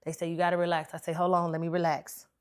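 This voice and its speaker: A woman's voice: on the low side, fast talker, smooth. Chatty woman telling a personal story. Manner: animated, talkative storyteller who acts out quotes. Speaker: podcast host.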